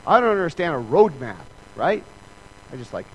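Slightly high-voiced male preacher, conversational. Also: very animated, moderate pace, background noise. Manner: conversational and joking, acts out other people's lines. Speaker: pastor. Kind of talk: sermon. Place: church.

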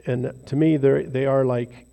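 With a dark, steady, medium-pitched voice that runs a little slow and carries vocal fry, a lay speaker hosts a small group's informal devotional. He rambles conversationally and jokes at his own expense.

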